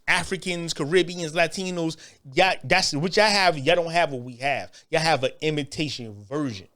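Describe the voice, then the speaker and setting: A man's voice: fairly high pitch, fairly bright tone. A man giving a blunt, profane opinion rant, repeating himself for emphasis.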